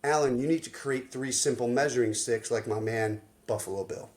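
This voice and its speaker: An energetic man coaching in casual conversation, full of slang and punchy delivery. He is a life coach and podcast host who tells stories with animated flair. His voice sits at an ordinary middle pitch. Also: brisk. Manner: energetic, slangy, acts out quoted dialogue.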